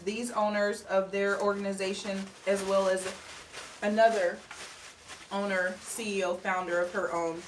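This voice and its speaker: A woman's voice: mid-range voice, little pitch movement, unhurried. A woman winemaker chatting casually and with animation at a tasting, laughing and promoting her wines. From Kansas City. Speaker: winemaker guest. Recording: distant mic, faint room noise.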